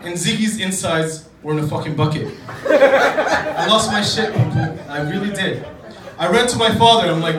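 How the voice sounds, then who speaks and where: This is stand-up from a man from Djibouti: casual, profane and self-deprecating, delivered to a comedy club audience that laughs along. His high voice is expressive and at normal speed, captured from a distance in an echoey club with loud, noisy ambience.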